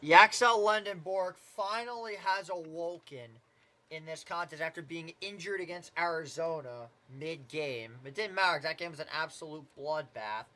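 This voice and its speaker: A man with a high, bright voice calls a basketball game play by play. He's casual and chatty, dropping side comments and the odd swear between plays. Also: moderate pace.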